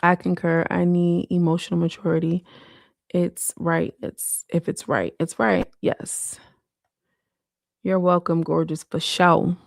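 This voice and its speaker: A woman's voice: fairly low pitch, little pitch movement, a little slow, gravelly, no room sound, clean studio sound. A woman hosting a casual late-night livestream, talking in slang and answering viewer comments. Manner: slangy, frequent "like" and "you know". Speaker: livestream host.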